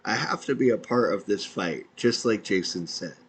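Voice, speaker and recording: A man's voice: fairly low pitch, animated, normal speed, a little hiss or hum, rough recording. A man, an independent podcaster, reading out his own messages in a dry, matter-of-fact way.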